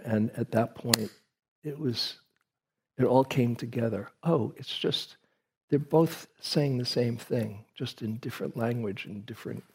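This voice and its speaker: A man's voice: mid-range voice, darkish tone, husky. A man giving a reflective dharma talk to a group, telling a personal story with frequent restarts.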